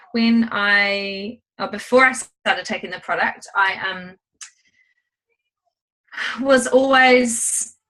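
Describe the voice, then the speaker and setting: Slow-talking bright-voiced woman. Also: fairly high pitch, rough recording. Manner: unhurried, with frequent ums. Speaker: guest speaker. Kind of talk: testimonial. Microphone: video call.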